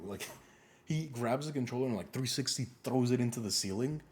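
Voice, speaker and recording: A young man co-hosting a casual podcast, telling animated stories, swearing often and acting out what people said. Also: mid-range voice, quick pace, a little hiss or hum. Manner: animated storyteller, swears a lot, acts out quotes. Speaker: podcast co-host. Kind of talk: casual storytelling chat.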